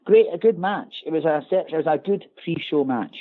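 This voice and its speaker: A Scottish man co-hosting a wrestling podcast, talking in an animated, sarcastic, ranting way. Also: a little high, fairly quick. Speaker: podcast co-host. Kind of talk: casual podcast chat. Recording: tinny phone-like call line.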